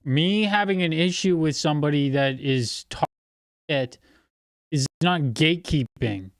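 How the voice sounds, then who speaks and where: A man's voice: fairly high pitch, measured pace, dry recording, clean studio sound. A man hosting a livestream in casual chat, blunt and picky about how words get used. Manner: blunt, pedantic about wording. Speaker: livestream host.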